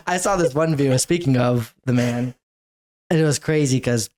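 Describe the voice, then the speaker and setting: A young man co-hosting a podcast in casual chat, teasing and playfully flattering his partner. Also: mid-range voice, moderate pace. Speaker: podcast co-host.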